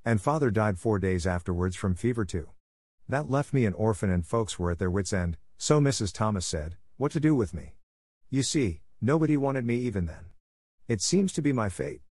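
A man's voice: fairly low pitch, expressive, moderate pace, a little mellow, no echo, clean studio sound. A man reading the part of an eager, dreamy eleven-year-old orphan girl in an audiobook, in a gushing way.

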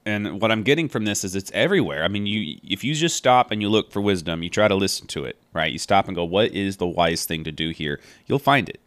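A man with a deep, resonant voice walks through scripture in a loose, meandering commentary. He sounds earnest and reflective and works his ideas out as he goes. The sound is close and dry. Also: a bit bright, no echo. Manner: thinking aloud, meandering and earnest. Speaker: Bible study podcaster. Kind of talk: casual spoken Bible commentary.

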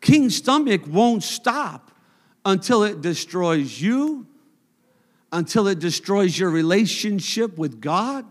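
This preacher's voice is high-pitched and very animated, yet he delivers his sermon at a slow pace. Speaking in a church sanctuary with long reverb, he mixes humorous, conversational moments with rising, emphatic points.

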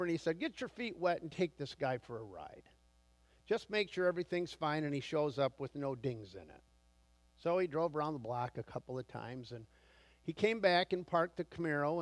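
A man's voice: on the high side, dry recording. A man preaching a sermon as pastor, telling a long story with quoted dialogue before laying out numbered points.

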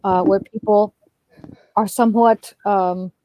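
A woman comedian telling stories as a guest in an animated, chatty way, laughing as she talks. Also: medium pitch, slow pace, no room sound. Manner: expressive, chatty, laughs while talking. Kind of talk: animated storytelling.

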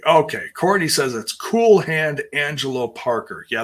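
A man chatting casually through a wrestling show recap, rambling, restarting sentences and putting on higher voices for quotes. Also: lively intonation, moderate pace, few pauses, a bit bright. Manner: rambling and self-interrupting, acts out quotes in a higher voice.

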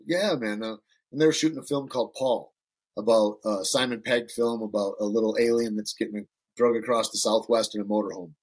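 Speaking briskly in a slightly rough, somewhat low voice with fairly even intonation, a middle-aged man from Northern Michigan swaps casual stories as a podcast guest. He swears loosely and voices the people he quotes.

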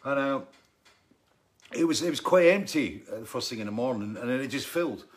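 A man rambles through an anecdote in a relaxed monologue, his voice sitting at an ordinary middle pitch. He leaps up in excitement and then drops low and quiet, stopping now and then to laugh or cough while he vapes. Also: fairly quick. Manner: animated storyteller, laughs and coughs between phrases.

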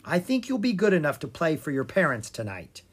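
A narrator doing a patient, steady bard. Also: mid-range voice, a little fast, breathy edge. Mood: encouraging. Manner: steady, commanding when urgent. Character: calm wandering male bard, patient teacher.

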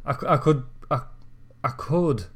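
A man's voice: on the high side, measured pace, husky. A man co-hosting a casual podcast, talking hesitantly with many ums and restarts and poking fun at himself. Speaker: podcast co-host. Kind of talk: casual chat.

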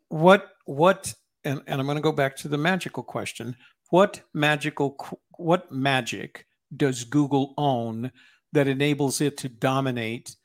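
A man hosting a casual interview podcast, asking curious questions and backing the guest with quick agreements. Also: mid-range voice. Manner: curious questioner, frequent backchannel. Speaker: podcast host.

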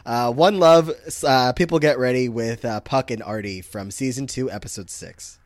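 A man's voice: medium pitch, moderate pace, dry recording, clean studio sound. A man co-hosting a podcast in casual chat, upbeat and hyped like a DJ counting down a list, often restarting his sentences. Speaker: podcast co-host.

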